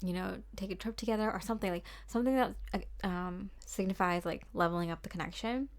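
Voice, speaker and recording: A woman's voice: mid-range voice, quick pace. A young woman giving a casual tarot reading, rambling and chatty, with lots of fillers and small laughs. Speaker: tarot card reader.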